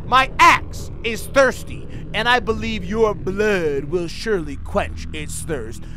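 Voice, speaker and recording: A man voicing a menacing male axe maniac from a horror game, drawing out each threat slowly. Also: high-pitched, animated, background noise. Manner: slow, drawn-out threatening delivery.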